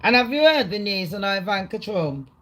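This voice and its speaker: An excitable woman rants to her live chat in a loose, rambling way, peppering everything with swearing. Her voice sits in an ordinary middle pitch. She jumps from point to point, addressing her viewers directly. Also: moderate pace, low-quality recording. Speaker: livestream host. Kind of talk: casual rant to a live chat.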